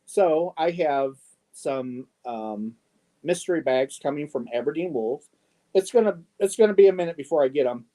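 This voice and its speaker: A middle-aged man hosting a casual live stream, reading out viewer comments slowly and haltingly, with many ums and affectionate asides. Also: a little high, expressive, mellow.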